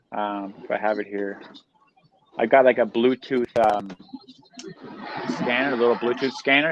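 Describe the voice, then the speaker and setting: A man from Canada, a guest on a live stream, talking in a loose, slangy, energetic way with many fillers. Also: mid-range voice, lo-fi sound. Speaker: guest, reseller. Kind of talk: casual interview chat.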